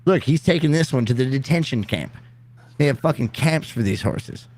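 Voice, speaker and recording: Man, co-host, casual chat, profane banter, lively swinging pitch. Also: normal speed. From Alberta, Canada.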